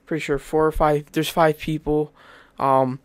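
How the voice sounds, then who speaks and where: Excitable young man rambling through a story. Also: fairly high pitch, a little slow, clean tone, no echo. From Indiana, US. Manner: rambling, excitable, restarts often. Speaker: YouTuber. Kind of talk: casual storytelling.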